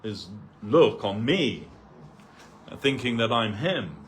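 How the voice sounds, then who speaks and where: A man speaks in a fairly low voice, telling stories and explaining a reading in a loose, meandering way. His talk is stacked with "like" and "you know". A faint hiss sits behind him. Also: very animated, slow pace. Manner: rambling, full of "like" and "you know". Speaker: devotee speaker. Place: temple hall.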